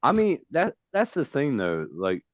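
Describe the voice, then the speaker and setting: A man's voice: mid-range voice, a little slow, no echo, muffled recording. A man hosting a casual talk show, speaking loosely and swearing as he shares a family story. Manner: loose, swears, lively when quoting. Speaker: host. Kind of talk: casual chat.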